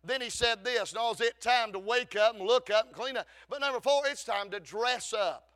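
A man, preaching a fervent Baptist sermon with shouted lines and frequent calls of amen. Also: very high voice, normal speed. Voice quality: gravelly.

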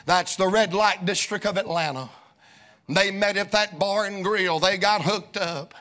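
A male pastor preaching a fervent sermon in a church, shouting and chanting his lines. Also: sits high, unhurried.

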